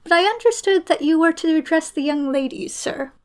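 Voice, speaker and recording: A woman voicing a composed male valet in a storybook reading, speaking quietly and deferentially in a measured tone. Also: extremely high pitch.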